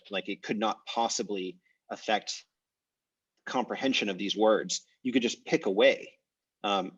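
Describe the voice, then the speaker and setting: Husky low-voiced man on a call. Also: recorded from a distance. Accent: American English. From United States. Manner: chatty, rambling, many fillers. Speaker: online language course teacher. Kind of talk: casual online class discussion. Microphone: video call. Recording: muffled video call audio.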